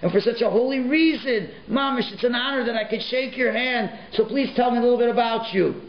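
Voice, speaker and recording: Man putting on a gentle old holy rabbi, coaxing, reverent, gravelly voice, echoey room. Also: extremely high pitch, a little fast, pitched above the performer's own voice. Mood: admiring. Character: holy older male rabbi, gentle and admiring. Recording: echoey, muffled room recording.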